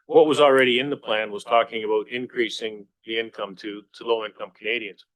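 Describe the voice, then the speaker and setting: A man's voice: medium pitch, fairly bright tone, no echo, poor audio. A man, a city councillor, makes an earnest, repetitive argument in a council debate in a council chamber.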